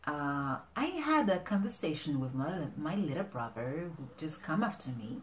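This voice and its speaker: A woman talking casually to camera with relationship advice, animated and halting, often restarting her sentences. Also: low voice, echoey room, a little hiss or hum. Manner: animated, often acting out quoted exchanges. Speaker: vlogger giving relationship advice.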